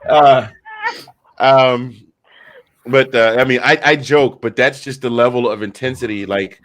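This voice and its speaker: A man's voice: mid-range voice, a little fast, dry recording. Fifties guy gushing on a podcast, acts out quotes, running on no sleep, dry sound. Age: 50s. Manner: animated storyteller who acts out quotes. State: short on sleep. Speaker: podcast guest. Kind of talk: excited casual chat.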